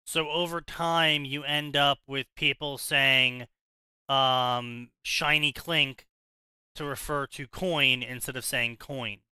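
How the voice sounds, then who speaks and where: A man talks in a loose, opinionated ramble, restarting his sentences as he goes. His voice is very bright and crisp, and it sits a little high. The sound is close and dry. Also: fairly even intonation, takes it slowly, no room sound, poor audio. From South Jersey, USA. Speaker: podcast co-host. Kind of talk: casual chat.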